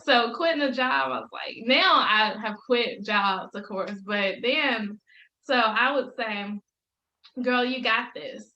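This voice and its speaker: Upbeat bright-voiced woman on a roomy call. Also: a little high, takes it slowly, muffled recording. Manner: upbeat, laughs often, faith-filled storytelling. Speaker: podcast guest, business coach. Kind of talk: casual interview chat. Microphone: video call. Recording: roomy echo.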